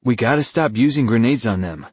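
A man's voice: mid-range voice, animated, brisk, darkish tone, slightly rough, no room sound, pitched above the performer's own voice. A man voicing an earnest, conscience-stricken young soldier who argues urgently.

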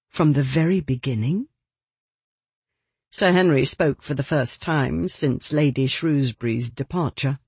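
An audiobook narrator reading a period novel in an expressive storytelling manner. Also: slightly rough, no echo. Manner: expressive storytelling with lively pitch.

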